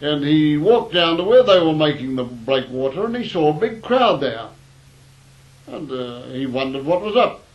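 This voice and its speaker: A male storyteller recounts old anecdotes in a wry, rambling manner, with fillers and restarts, and the lo-fi recording sounds dull. His voice is a little high and animated, at a moderate pace.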